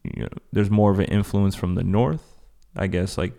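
Low gravelly guy from france, rambly podcast chat, lots of "like". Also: normal speed, mellow. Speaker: podcast co-host.

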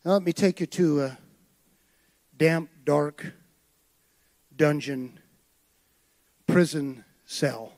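A man preaching a sermon with passion, building to shouted high points. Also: very slow, pauses often. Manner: impassioned preaching that swells to shouts.

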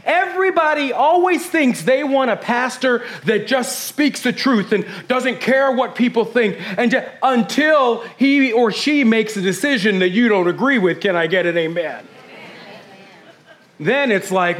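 Fast, intense high-voiced male pastor. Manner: fast and intense, swinging from hushed whispers to loud bursts. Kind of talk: sermon.

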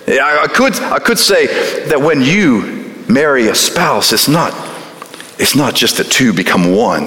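Bright-voiced preacher in an echoing hall. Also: male voice, medium pitch. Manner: folksy, emphatic, with rhetorical questions. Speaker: pastor. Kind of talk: sermon. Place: church sanctuary. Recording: echoey church sanctuary with long reverb.

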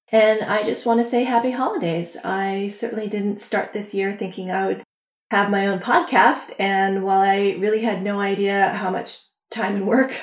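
Woman podcast host in echoey room. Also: mid-range voice. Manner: chatty, warm thanks, light laughter. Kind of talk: casual podcast talk.

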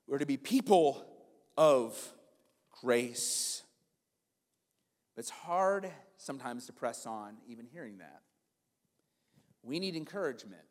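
Man, 40s, pastor preaching a sermon, shifts from loud to quiet, church hall reverb. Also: medium pitch, expressive, slow, pauses often. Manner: swings from loud preaching to soft storytelling.

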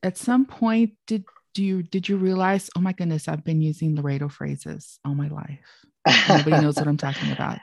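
A woman's voice: deep voice, steady tone, moderate pace, vocal fry, a little mellow, no echo. A woman interviewer asking casual, encouraging follow-up questions.

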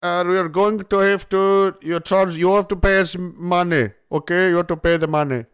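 A man voicing a flustered, pushy male phone scammer who stumbles over halting fillers, pitched well above his own voice. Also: fairly even intonation, clear, resonant tone, natural voice.

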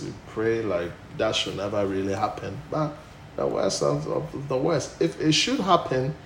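A man preaching a sermon, swinging from emphatic loud bursts back down to low, quiet delivery. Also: gravelly. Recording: echoey room with faint noise.

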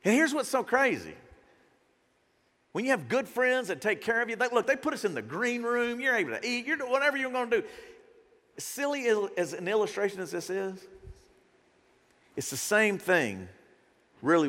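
A man's voice: sits high, normal speed, long pauses, long reverb tail. A man preaching a conversational sermon as pastor, telling stories and acting out the voices of people in them. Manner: animated storyteller, acts out quoted voices. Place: church sanctuary.

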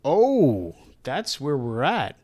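A man co-hosting a casual podcast, chatty, reading out tasting notes in a flat list-like way on a close mic. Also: medium pitch, slow pace, dry recording. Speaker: podcast co-host.

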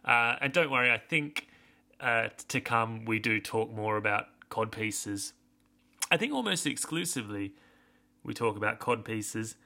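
Young male podcast host, casual rambling recap, bright tone. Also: fairly low pitch, animated, a little slow, creaky. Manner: rambling, sweary, self-deprecating.

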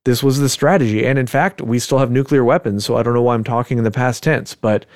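A man's voice: medium pitch, steady tone, fast, a little mellow, dry recording, studio quality. A man hosting a podcast, telling a story in casual chat with joking asides and frequent chuckles. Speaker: podcast host.

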